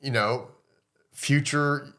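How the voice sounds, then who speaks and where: Man, young adult, podcast host, casual chat, middle-pitched, acts out lines while recapping. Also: steady tone, slow pace, pushed and bright. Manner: recaps story scenes, acting out characters' lines.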